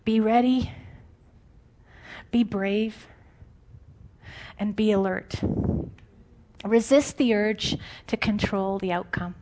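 A woman preaching an informal, conversational sermon, animated and often laughing. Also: mid-range voice, takes it slowly, long pauses, slight background noise.

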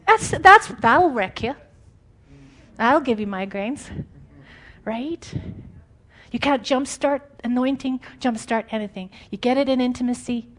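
Animated woman preaching, slightly high voice. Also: unhurried. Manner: animated and conversational, laughs often. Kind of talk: informal sermon.

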